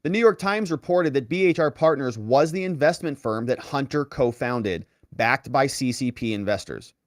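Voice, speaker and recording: A man's voice: mid-range voice, animated, moderate pace, dry recording, clean studio sound. A man hosting online political commentary, walking through documents with sarcastic, incredulous asides. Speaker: legal commentary host.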